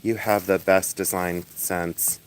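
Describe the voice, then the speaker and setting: A loud, flamboyant man hosting a casual livestream outdoors, chatting with viewers and laughing often as he shows off his finds. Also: deep voice, little pitch movement, slow pace, slight background noise. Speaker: livestream host selling and showing jewelry. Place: outdoors in the sun.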